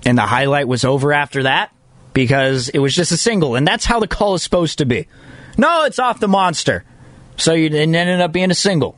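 A man hosting a solo sports talk radio show, excitable and self-mocking, often repeating himself. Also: a little high, no echo.

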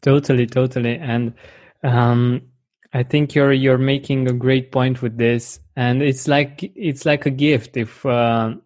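A man hosts a podcast, speaking in a steady, flat tone. He agrees warmly with points and gropes for words, with pauses and fillers as he builds his thought. The recording is dry and close. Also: mid-range voice, no room sound. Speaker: podcast host. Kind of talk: conversational interview.

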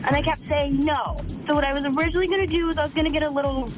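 A woman's voice: high voice, steady tone, racing, over music. Chatty young woman calling a radio show. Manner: chatty, eager storyteller. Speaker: caller.

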